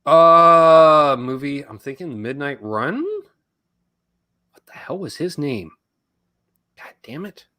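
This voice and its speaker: A man's voice: on the high side, slow, pauses often, bright, forceful tone. A Canadian man hosting a live Q&A stream, casual and rambling, joking around and reading chat comments aloud.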